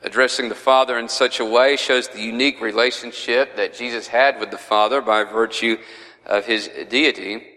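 A man's voice: mid-range voice, steady tone, moderate pace, pushed and bright, in a large hall, poor audio. A man teaching a verse-by-verse Bible study in a conversational way, with frequent fillers.

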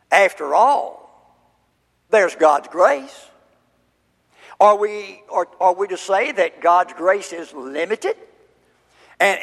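A man preaching a sermon, expounding scripture slowly and emphatically. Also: high voice, creaky. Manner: slow, emphatic scripture exposition. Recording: hall reverb.

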